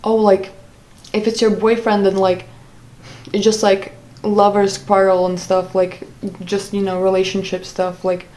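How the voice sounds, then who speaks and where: A woman's voice: mid-range voice, flat delivery, measured pace, mellow, rough recording. A woman telling a personal story in a vlog, talking hesitantly with many fillers and restarts. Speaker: vlogger.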